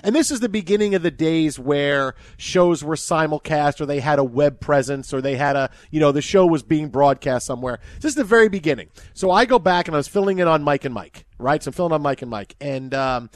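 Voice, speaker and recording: High-voiced animated male radio host. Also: fairly quick, few pauses, no room sound. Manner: animated storyteller, rises high when excited. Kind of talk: casual sports radio chat.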